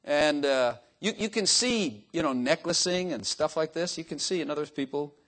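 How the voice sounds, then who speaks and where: A man's voice: fairly high pitch, normal speed, a bit bright. An older man preaching an informal sermon, folksy and joking, often turning to the congregation with "Amen?". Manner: folksy, joking asides, frequent "Amen?" to the crowd.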